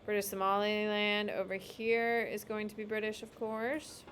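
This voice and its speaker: A woman teaches a class in a casual, emphatic way, her voice sitting at an ordinary middle pitch. She drops asides as she marks up a map. A faint background hiss from the classroom runs under her voice. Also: flat delivery, moderate pace, fairly bright tone. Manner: casual, emphatic, talks while drawing on a map. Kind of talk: classroom lecture.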